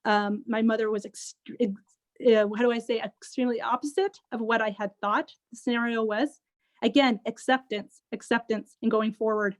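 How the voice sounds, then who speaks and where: A woman, a social worker, telling a personal story as an interview guest in an animated, conversational way. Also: fairly high pitch, normal speed. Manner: animated, acts out others' speech.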